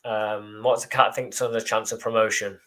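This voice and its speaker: Deadpan man hosting a football fan show. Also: lowish voice, moderate pace. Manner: dry deadpan joking, reads out viewer comments. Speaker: podcast co-host. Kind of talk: casual live fan show chat.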